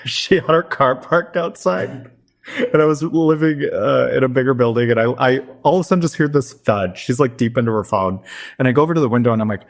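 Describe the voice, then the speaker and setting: A gay man co-hosting a podcast, telling a story in casual chat and swooping into high voices when he quotes people. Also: quick pace. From lived in Minneapolis. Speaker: podcast co-host.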